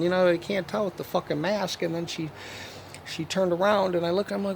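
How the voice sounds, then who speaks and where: Gravelly-voiced man venting in a loose, profane ramble, constantly checking in with the listener. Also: high voice, fairly even intonation, fast, slight background noise. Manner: rambling and profane, fillers and repeated 'you know what I mean'. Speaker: vlogger. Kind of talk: rambling monologue to camera.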